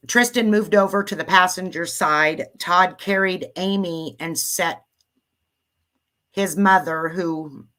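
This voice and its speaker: Female host, low voice, unhurried chatty delivery, live-stream talk. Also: fairly bright tone. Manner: chatty, distracted by tech troubles. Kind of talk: casual livestream narration.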